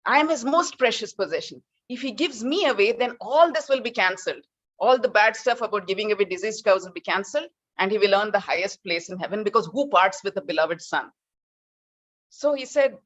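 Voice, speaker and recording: Lady telling old stories in a talk, lively acting out, muffled recording. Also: medium pitch, brisk. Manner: animated, acts out characters. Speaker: speaker. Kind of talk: storytelling talk.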